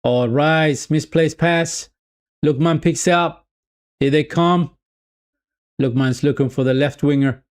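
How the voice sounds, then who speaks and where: A man streaming live football watch-along commentary, chatty, repeating his phrases and calling his viewers "people", swinging between excitement and deflation. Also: on the high side, slow pace, long pauses.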